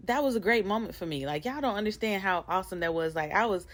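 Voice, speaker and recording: A woman's voice: mid-range voice, lively intonation, fast talker, few pauses. A woman hosting her own podcast, talking casually and candidly to her listeners, rambling and laughing at herself. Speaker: podcast host. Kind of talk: casual motivational monologue.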